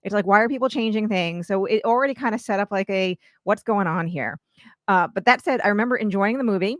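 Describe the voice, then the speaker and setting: A woman in her forties co-hosts a relaxed live stream, reminiscing in a chatty, reflective way, loose with fillers like "you know". Her voice sits at an ordinary pitch, recorded close and dry. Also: fast, no room sound. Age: 40s. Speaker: co-host. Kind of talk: casual live-stream chat.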